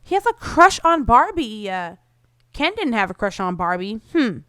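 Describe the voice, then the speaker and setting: Chatty woman with a smooth, dry voice. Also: fairly high pitch, very animated, normal speed, fairly bright tone, dry recording. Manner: chatty, bubbly, lots of "like" fillers. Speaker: gameplay commentator. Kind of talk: casual game commentary.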